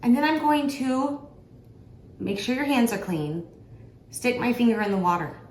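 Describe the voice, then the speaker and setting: A woman's voice: on the high side, moderate pace, a little mellow, roomy sound, a little hiss or hum. A middle-aged woman, a home cook and author, chatting casually and self-deprecatingly to the camera as she cooks in her home kitchen. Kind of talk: casual cooking vlog.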